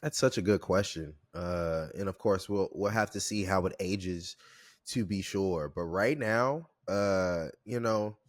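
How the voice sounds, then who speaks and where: A man co-hosting a casual movie review podcast, replying in a measured, agreeable way. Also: low-pitched, dry recording, clean studio sound. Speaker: podcast co-host.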